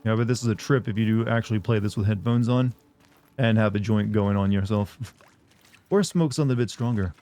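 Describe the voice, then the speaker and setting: A young male streamer with a mellow, dark voice chats with his viewers while he plays. He rambles loosely and jokes around. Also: fairly low pitch, fairly quick. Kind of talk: casual live-stream chatter.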